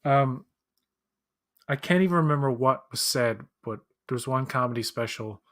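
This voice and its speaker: Man, casual chat, rambling, mid-pitched voice, watch-along co-host. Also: moderate pace, a bit bright. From Canada. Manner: rambling, many restarts and fillers, acts out quoted voices.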